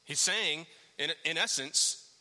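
A man preaching an expository sermon, animated and swinging from low, quiet stretches to loud, high-pitched emphasis, with rhetorical questions. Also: slow, big-room sound.

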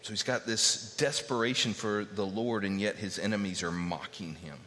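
A man's voice: fairly low pitch, steady tone, moderate pace, sharp tone, a little hiss or hum. A man preaching a sermon earnestly, teaching verse by verse and acting out the voices he quotes. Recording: long hall reverb.

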